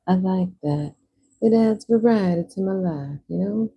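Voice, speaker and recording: A woman's voice: mid-range voice, unhurried, breathy edge, lo-fi sound. A young woman livestreaming, chatting casually while she paints, rambling with lots of "like" fillers.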